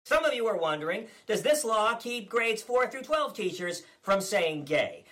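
Comedian doing a shrill, brassy ranting politician, stammering and self-important. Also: male voice, big pitch swings, moderate pace, a bit bright. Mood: smug. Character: blustering smug male governor, middle-aged. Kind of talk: satirical sketch impression.

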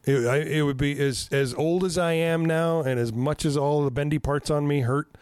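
Man, 50s, podcast host, swears a lot, animated storyteller, slightly high voice, dry close sound. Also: normal speed, smooth, no room sound. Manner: profane, animated storytelling with self-mocking laughs. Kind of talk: casual podcast chat.

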